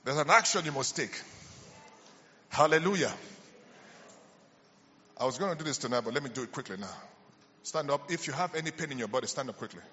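A man's voice: mid-range voice, animated, racing, slight background noise. A man preaching a healing sermon in a large church, fervent and calling out to the congregation. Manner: fervent, shouting call-and-response. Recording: lo-fi church hall recording with reverb.

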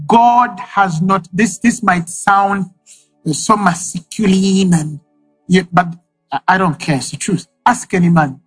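A male preacher delivers a sermon in a husky, unhurried voice. He leans on repetition and emphasis to drive each point home, while faint music plays behind him. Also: high voice, fairly bright tone, poor audio. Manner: emphatic, repeats key phrases for effect.

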